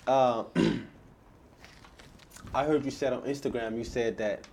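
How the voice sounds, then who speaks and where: A man's voice: mid-range voice, fairly even intonation, unhurried, darkish tone, a little hiss or hum. A man hosting an interview, encouraging his guest and repeating phrases for emphasis. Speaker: interview host.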